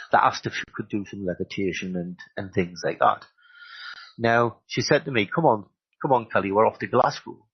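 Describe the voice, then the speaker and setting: An English man, a medium, telling a lively anecdote at a live talk, full of "you know"s. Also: lowish voice, breathy edge, dry recording, muffled recording.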